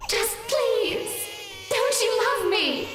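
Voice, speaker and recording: Sad ghost wife, high and slow, pleading; woman reads it out. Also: animated, reverberant, big-room sound, over music, crowd noise, full character voice.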